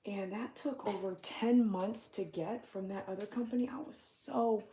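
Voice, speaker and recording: A middle-aged woman, chatting casually on a livestream, full of filler words and loud bursts when calling her dogs. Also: mid-range voice, moderate pace, a little hiss or hum. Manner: chatty, storytelling, lots of "like" fillers. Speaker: dog groomer and small business owner. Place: home patio.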